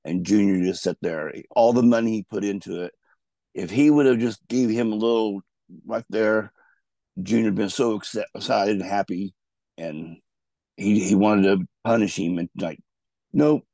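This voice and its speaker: A low, gravelly man tells loose, rambling stories about his wrestling career. His tone is dark and mellow, and the sound is dry and close. He restarts his sentences often as he talks. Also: normal speed, no room sound. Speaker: guest, former pro wrestler. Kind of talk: casual storytelling interview.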